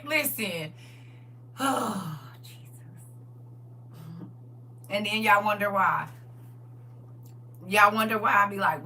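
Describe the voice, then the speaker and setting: A woman's voice: on the high side, recorded from a distance. A middle-aged woman hosting a live stream, chatting casually and laughing a lot. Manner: animated, laughing, exclaiming. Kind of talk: casual chat.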